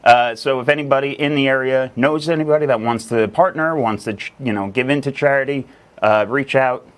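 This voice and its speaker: A man's voice: mid-range voice, brisk. A man hosting a casual live stream about real estate, talking energetically with lots of fillers and rambling asides. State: a little out of breath.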